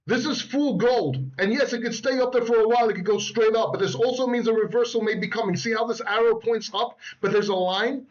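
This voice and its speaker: A man's voice: high-pitched, muffled recording. A man hosting a crypto channel, giving rambling, boastful market commentary with joking asides from a beach house. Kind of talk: casual market commentary over charts. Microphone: laptop microphone.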